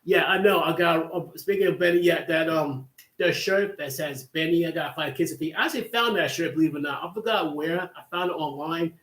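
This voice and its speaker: A man's voice: on the high side, brisk, fairly bright tone. A man hosting a livestream, telling a long casual story that rambles with many restarts and asides. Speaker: livestream host. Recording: echoey room.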